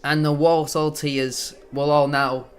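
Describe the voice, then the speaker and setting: On a match watchalong stream, an excitable football fan delivers gloating, bantering live commentary. His voice sits on the high side with a clear, resonant tone, and he takes his time.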